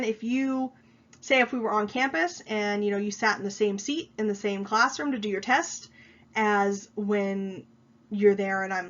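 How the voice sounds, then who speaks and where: A woman college instructor giving a recorded online lecture, explaining with frequent fillers, slightly congested from a cold. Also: on the high side. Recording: dull lo-fi sound.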